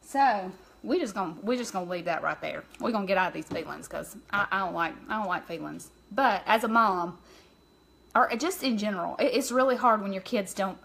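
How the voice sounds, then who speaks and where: A woman's voice: medium pitch, a little fast, vocal fry, fairly bright tone, husky. A woman hosting a casual makeup live stream, chatting openly and greeting her viewers by name as she goes. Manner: emotional, open about feelings.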